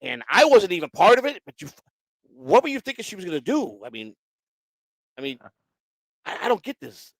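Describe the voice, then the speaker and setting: Animated, profane male storyteller. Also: high-pitched, moderate pace, pauses often, no room sound, low-quality recording. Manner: profane, animated, acts out quoted voices. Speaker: host. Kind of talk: casual storytelling chat.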